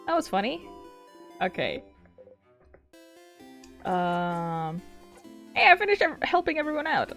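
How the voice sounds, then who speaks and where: Woman game streamer, casual commentary, swears and laughs a lot, hushed when reading story text, faint music behind. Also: mid-range voice, takes it slowly, long pauses. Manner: excitable, swears freely, laughs often.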